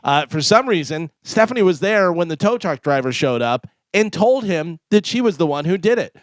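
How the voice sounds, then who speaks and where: A man with a fairly high, smooth, clear voice co-hosts a radio show. He reads a story out briskly and chats in between. The studio mic is close and dry. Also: lively intonation, no echo. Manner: reads facts briskly with chuckles. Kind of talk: casual radio banter and reading a news item. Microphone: studio microphone.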